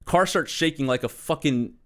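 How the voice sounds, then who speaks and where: A man's voice: fairly high pitch, normal speed, fairly bright tone. A young man telling a long, profane, exasperated comic rant with sarcastic asides. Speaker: comedy podcast host. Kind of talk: ranting comic monologue.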